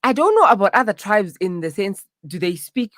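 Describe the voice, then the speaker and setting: A woman's voice: medium pitch, sing-song, fairly quick, fairly bright tone, no room sound, clean studio sound. A woman guest in a casual chat, who talks with enthusiasm and keeps affirming what the others say.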